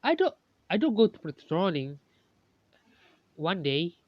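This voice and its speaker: Overworked, stubborn teen heroine, read plainly by the narrator, slow and dull-sounding. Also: mid-range voice, sing-song, dry recording. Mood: defensive. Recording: dull, dry lo-fi recording.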